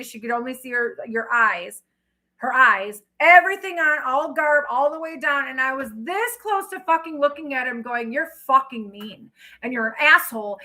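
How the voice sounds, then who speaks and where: Blunt, high-voiced woman ranting. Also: pushed and bright. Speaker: tarot reader. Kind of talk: livestream tarot chat.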